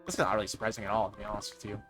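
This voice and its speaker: A man's voice: fairly low pitch, little pitch movement, rapid-fire, music in the background. A young man streamer in casual chat, ranting in exasperation and swearing freely as he mimics the people he talks about.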